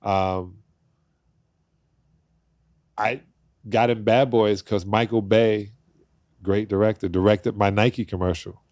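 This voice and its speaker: A man in his fifties, a podcast guest, telling animated stories and acting out the voices of the people in them. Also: on the low side, slow pace, long pauses, no room sound, studio quality. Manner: acts out quoted voices, laughs while telling stories. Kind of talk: animated storytelling in conversation.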